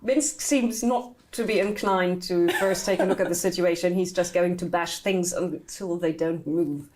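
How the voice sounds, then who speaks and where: A woman narrating as dungeon master in a tabletop role-playing game, lively and laughing often. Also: fairly low pitch, moderate pace.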